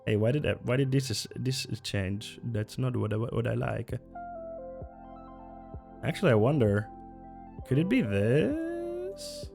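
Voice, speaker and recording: A man's voice: medium pitch, moderate pace, creaky, pauses often, over music. A young man livestreaming, chatting casually in a rambling, joking way that often breaks off mid-sentence. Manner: rambling, self-interrupting, joking. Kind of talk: casual chat.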